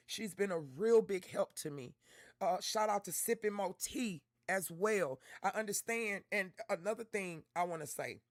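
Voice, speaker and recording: A woman's voice: medium pitch, dry recording, studio quality. A woman hosting a casual livestream, talking candidly and from the heart to her chat in slangy everyday speech. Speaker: livestream host reacting to content.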